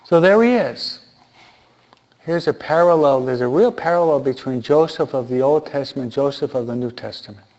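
A man's voice: mid-range voice, moderate pace, darkish tone. A man giving informal Bible teaching who asks his listeners rhetorical questions and repeats key points for emphasis. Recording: dull lo-fi recording.

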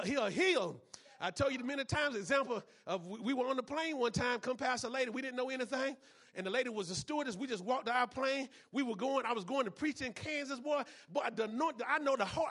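A male pastor preaching with a very high, husky voice. He repeats key phrases and drops in amens, moving between near-whispered stretches and loud, driving ones. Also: a little fast. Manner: repetitive preaching with frequent amens, swinging between hushed and loud. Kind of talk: sermon.

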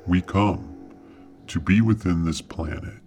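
A man voicing a mysterious alien caller in a slow, halting, mechanical monotone, as part of a dramatized re-enactment of a phone call. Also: deep voice, faint music behind, voice pushed down. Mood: eerie.

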